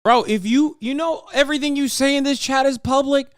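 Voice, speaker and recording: A man's voice: very high-pitched, brisk, a bit bright, smooth, dry recording, clean studio sound. A young man streaming, reacting to clips with sarcastic, profane commentary and bursts of laughter. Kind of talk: casual livestream commentary.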